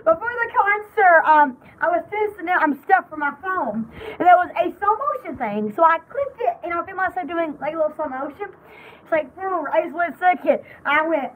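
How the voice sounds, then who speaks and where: Young woman hosting a live stream, super high voice, bouncy and rambly, giggles a lot. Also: slight background noise, poor audio. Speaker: live-stream jewelry party host. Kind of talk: casual live-stream chat.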